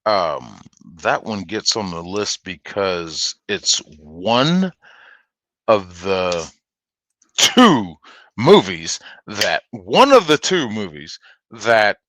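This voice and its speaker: A man's voice: on the low side, very animated, extremely slow, a bit bright, no echo. A man hosting a livestream in casual chat, laughing often and swearing as he rambles about movies. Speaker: livestream host.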